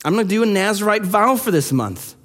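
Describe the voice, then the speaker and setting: A man preaching a sermon, his voice sitting high for a man. He talks to the congregation conversationally and turns animated when telling stories. The sound carries a long reverb tail from the church hall. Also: fairly quick. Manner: conversational, animated storytelling with rising intensity. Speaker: pastor.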